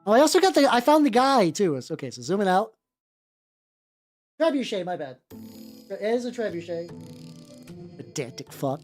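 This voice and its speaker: A man with a high-pitched voice chatting casually with viewers as he paints miniatures. He rambles, with plenty of fillers, restarts and casual swearing. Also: very animated, normal speed, pauses often. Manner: chats with viewers while working. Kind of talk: casual livestream chat while painting. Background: faint background music.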